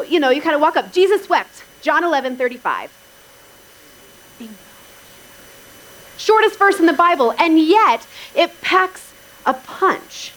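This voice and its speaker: A woman's voice: on the high side, a bit bright, a little hiss or hum, low-quality recording. A woman pastor giving a sermon in a conversational way, with wry asides to the congregation.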